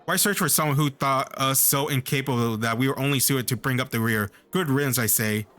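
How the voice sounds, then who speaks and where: A man's voice: mid-range voice, brisk, a bit bright, faint music behind, lightly acted. A man reading as a surly mercenary. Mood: scornful.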